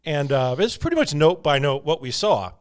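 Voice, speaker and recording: A man's voice: fairly high pitch, big pitch swings, moderate pace. A man co-hosting a podcast in casual, rambling chat, often breaking into laughter. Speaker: podcast co-host.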